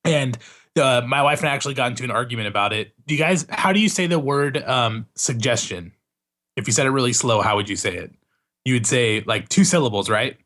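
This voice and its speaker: A man's voice: mid-range voice, brisk, fairly bright tone. Wry man telling a story on a podcast. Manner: wry, self-mocking storyteller. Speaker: podcast co-host. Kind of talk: casual chat.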